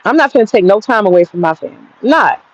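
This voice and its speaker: A woman's voice: medium pitch, expressive, fast talker, dull audio. Blunt, profane woman ranting from her garden. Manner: blunt, profane, rambling, talks straight to viewers. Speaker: vlogger giving commentary. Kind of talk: casual rant to viewers. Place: outdoor garden.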